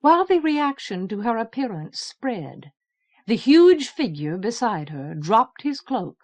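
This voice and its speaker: Woman narrator for a fantasy audiobook: very slow, measured, steady delivery. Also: fairly high pitch. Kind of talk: scripted narration.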